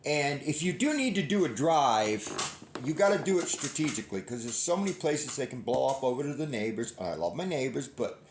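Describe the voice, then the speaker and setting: A man's voice: mid-range voice, sing-song, fairly quick, slight background noise. A middle-aged man hosting a hunting channel, telling a long story in a folksy, rambling way and often restarting his sentences. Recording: roomy echo.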